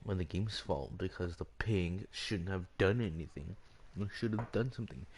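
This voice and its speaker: A man's voice: sits low, moderate pace, darkish tone, a little hiss or hum. A man ranting over gameplay as the channel's host, rambling and circling back over the same point with lots of "like" fillers. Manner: rambling, repeats himself, leans heavily on "like".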